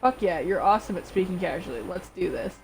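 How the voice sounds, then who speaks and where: A woman's voice: lowish voice, lively intonation, fast, darkish tone, soft background music, poor audio. A woman voicing a spoiled, condescending mermaid princess with a haughty, regal manner.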